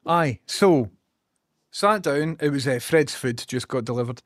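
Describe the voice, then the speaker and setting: A man's voice: mid-range voice, animated, a little slow, no echo, clean studio sound. A Scottish man chatting casually on a live stream, swearing and ranting while he multitasks. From Scotland.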